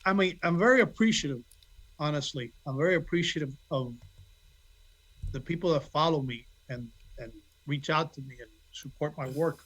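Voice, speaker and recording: Actor guy on a podcast, high voice, modest, kinda shy and jokey. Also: moderate pace, a bit bright, rough recording. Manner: self-deprecating, acts out quoted dialogue. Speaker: actor guest. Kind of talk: casual interview chat.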